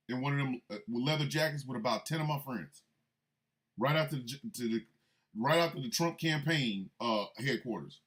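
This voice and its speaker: A man hosting a radio show, delivering a comedic rant with an animated, incredulous manner and sudden loud outbursts. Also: mid-range voice, normal speed.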